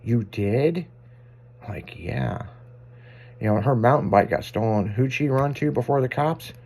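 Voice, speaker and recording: A man's voice: mid-range voice, fairly quick, darkish tone. A man hosting a radio show, telling rambling, profane stories in a casual on-air chat. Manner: rambling, profane, self-amused anecdotes.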